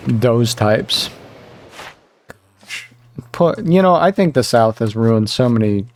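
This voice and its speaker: Rambling young man streaming a game. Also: takes it slowly. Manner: rambling, animated, jumps high when quoting people. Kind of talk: casual stream chatter.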